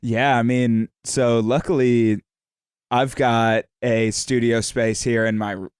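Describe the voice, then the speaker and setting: Male musician guest, laid-back and joking, smooth clear voice, dry close sound. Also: mid-range voice, flat delivery, slow, no room sound. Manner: joking, laid-back, laughs between remarks. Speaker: band member and producer. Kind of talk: casual interview chat.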